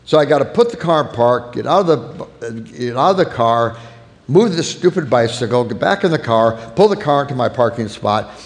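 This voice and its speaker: A man's voice: mid-range voice, expressive, normal speed, in a large hall. A man preaching a sermon earnestly, illustrating his points with acted-out everyday anecdotes. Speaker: pastor.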